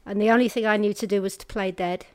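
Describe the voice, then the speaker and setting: A woman with a medium-pitched voice tells a personal testimony, earnest and halting. She moves between brisk stretches and slow, hushed passages. The sound is dry and close, with no room around it. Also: fairly even intonation, no room sound. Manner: halting and earnest, with restarts and hushed pauses at hard moments; vivid storyteller, shifting between brisk and slow, quiet passages. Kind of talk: personal testimony told to an audience.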